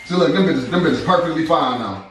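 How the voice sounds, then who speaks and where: Male prankster vlogger, high and bouncy, playful and crude; roomy bathroom, mic far off. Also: animated, brisk, a little hiss or hum. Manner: teasing, profane, laughing denials. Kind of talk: casual couple vlog.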